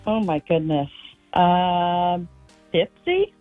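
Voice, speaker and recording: A woman's voice: fairly low pitch, lively intonation, slow, phone-quality sound, loud music behind the voice. Hesitant woman caller guessing answers. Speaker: contest caller.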